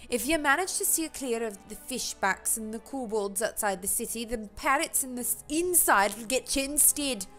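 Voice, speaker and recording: A woman voicing a gruff male seafaring innkeeper in a shaky put-on brogue, reading game dialogue aloud. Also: on the high side, expressive, normal speed, few pauses, fairly bright tone, faint music behind. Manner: wobbly put-on pirate-style brogue.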